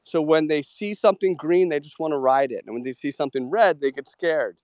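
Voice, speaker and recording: A man hosting a live audio show, chatting casually about trading with many "like" fillers and quick agreeing murmurs. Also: a little high, a little mellow, no room sound, dull audio.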